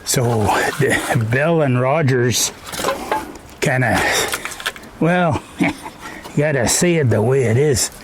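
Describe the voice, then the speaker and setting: Slow, rambling man with folksy "eh?". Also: mid-range voice, background noise. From Canada. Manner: rambling, folksy, ends phrases with "eh?". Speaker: vlogger. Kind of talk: casual chat while stacking firewood. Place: woodshed.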